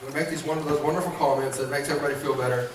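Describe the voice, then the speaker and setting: A man preaching a sermon as pastor, animated, acting out voices and calling on the congregation to respond. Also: mid-range voice, very fast, far from the mic, slight background noise. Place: church sanctuary. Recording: echoey church hall, miked from afar.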